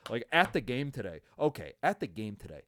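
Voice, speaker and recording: A man's voice: medium pitch, big pitch swings, brisk, fairly bright tone, a little hiss or hum. A man hosting a casual sports podcast, ranting in a profane, tired way with lots of fillers and restarts, close to the mic. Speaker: podcast host.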